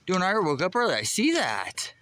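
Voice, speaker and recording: Walking a golf course outdoors, a streamer with a Western Pennsylvania accent chats casually with his live audience, reading their messages aloud and swearing offhandedly. His voice sits high, pushed and bright, a little fast with huge pitch swings, over slight background noise.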